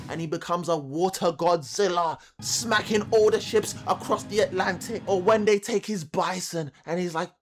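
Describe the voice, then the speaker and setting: A man's voice: high-pitched, moderate pace, few pauses, music in the background. A man hosting a comedic commentary video, talking in hyped, joking slang and dropping into silly voices when he quotes characters. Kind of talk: comedic anime and cartoon commentary.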